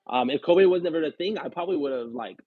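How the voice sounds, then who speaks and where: A man's voice: fairly high pitch, lively intonation, quick pace, slightly rough, dry recording. A man live streamer chatting casually, telling a personal story in a rambling, candid way with lots of fillers. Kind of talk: casual chat. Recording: tinny phone-like dry sound.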